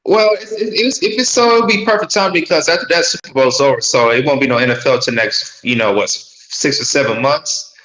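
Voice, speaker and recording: Halting male panelist, echoey sound. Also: mid-range voice, a bit bright. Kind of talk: casual talk show discussion. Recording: echoey room.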